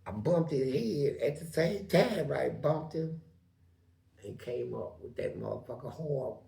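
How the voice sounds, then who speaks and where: A man with a gravelly, rough voice spins a casual story, acting out every voice in it and swinging from loud bursts to hushed murmurs. His voice rings in an echoey room. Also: mid-range voice, a little slow. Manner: animated, acts out quoted voices, swings loud and quiet.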